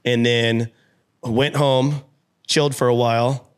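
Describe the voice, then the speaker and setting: A man appearing as a podcast guest recounts a story animatedly, replaying his own past words and cursing often. He speaks slowly and smoothly at a medium pitch, recorded in a podcast studio.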